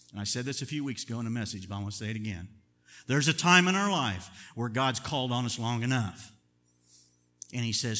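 An older man preaching a sermon as pastor, chatty and chuckling, moving between loud emphatic bursts and quiet asides. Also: a little high, in a large hall.

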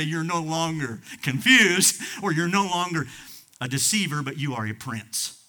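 60s guy pastor preaching, fired up then hushed, kinda high bright voice. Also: lively intonation, a little slow. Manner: impassioned, swings from loud outbursts to hushed asides. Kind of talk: sermon.

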